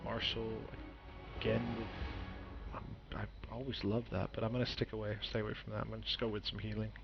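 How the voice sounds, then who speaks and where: A man's voice: lowish voice, level tone, a little fast, gravelly, muffled recording, over music. A man streaming a video game, commenting casually as he thinks aloud and corrects himself mid-sentence. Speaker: gaming streamer.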